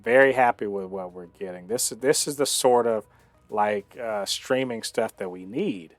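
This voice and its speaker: A man hosting a casual TV review, talking with many fillers and restarts but clear enthusiasm. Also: lowish voice, a little slow, no echo, faint music behind. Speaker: show host reviewing a TV episode.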